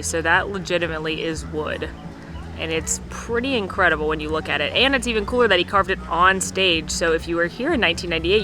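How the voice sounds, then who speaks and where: Chatty upbeat woman touring outdoors. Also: lowish voice. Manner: chatty and upbeat, jokes and corrects herself. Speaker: vlog host and theme park guide. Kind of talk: casual walking tour vlog. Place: outdoors at a theme park. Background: music.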